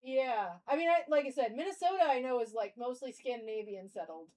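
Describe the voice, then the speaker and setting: A woman's voice: on the high side, animated, fairly quick, darkish tone, low-quality recording. A young woman streamer musing aloud in casual live-stream chat.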